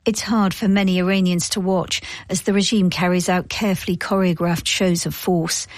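A woman reporter giving scripted news narration in a measured, grave way. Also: fairly low pitch, little pitch movement, dry recording, clean studio sound.

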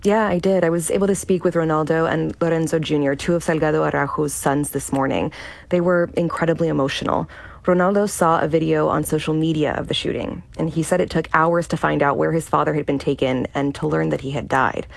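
A woman radio reporter giving a measured, factual news report. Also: low voice, steady tone, creaky, no room sound.

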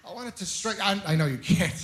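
A young man from Ontario doing a stand-up comedy set, telling stories deadpan with bursts of mock outrage. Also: high-pitched, normal speed, background noise. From Ontario, Canada. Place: comedy club stage with audience laughing.

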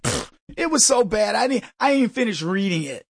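A man hosting a talk radio show, delivering a mocking, animated monologue and acting out other people's voices. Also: very high-pitched, moderate pace, husky, dry recording.

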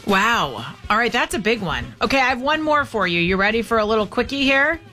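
A woman's voice: a little high, very animated, a little fast, over music. A woman hosting a talk radio show, upbeat and chatty as she takes calls and reads odd news stories.

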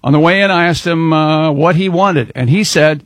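A man's voice: on the high side, moderate pace, dry recording. A man co-hosting a radio show, reading listener letters aloud with playful emphasis and frequent laughs. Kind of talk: casual radio banter.

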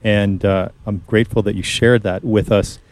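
Low, mellow-voiced male radio host. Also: fairly even intonation, normal speed. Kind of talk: conversational Catholic radio chat.

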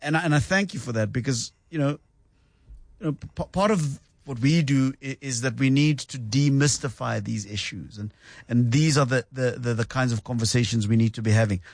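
Dry-voiced radio host. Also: male voice, medium pitch, normal speed, no room sound. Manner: relaxed, repeats words when thinking. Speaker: radio talk show host. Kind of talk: radio call-in show. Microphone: studio microphone.

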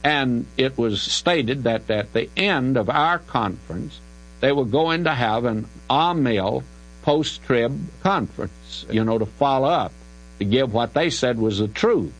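An older man with a drawl answers a listener's Bible question, his voice rising and falling in lively swings. He talks in an emphatic, folksy way and slows down to lean on key words. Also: medium pitch, low-quality recording. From American South. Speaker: Bible teacher.

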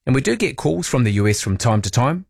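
A man's voice: medium pitch, big pitch swings, quick pace, gravelly, a little mellow, slightly rough, dry recording, studio quality. A man with a New Zealand accent hosting late-night talkback radio, chatting loosely and reading listener texts aloud. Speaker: talk radio host. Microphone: studio microphone.

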